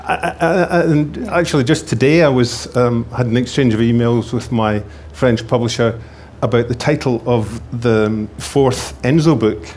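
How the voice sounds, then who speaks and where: A man's voice: mid-range voice, normal speed, hardly any pauses, a little mellow, a little hiss or hum. A male crime novelist from Scotland speaking on a panel, telling anecdotes with frequent ums and restarts. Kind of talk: panel talk. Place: festival stage.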